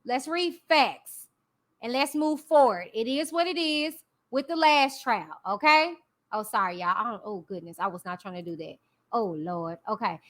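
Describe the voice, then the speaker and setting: A woman's voice: on the high side, animated, a bit bright. A woman reading a court document aloud on a casual live stream, breaking off to chat with viewers and hum her reactions. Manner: chatty, reacts with drawn-out hums.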